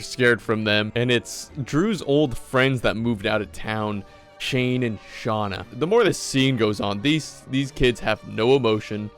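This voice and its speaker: A man's voice: lowish voice, fairly bright tone. Joking man recapping a TV episode. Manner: joking, swearing, stumbles over repeated words. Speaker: video reviewer. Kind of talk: casual comedic episode recap.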